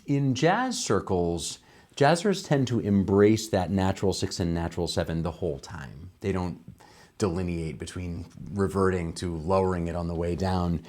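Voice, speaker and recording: A man explaining a piano arrangement in a tutorial, enthusiastic and relaxed, musing aloud between examples. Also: low voice, moderate pace. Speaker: piano teacher. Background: piano playing.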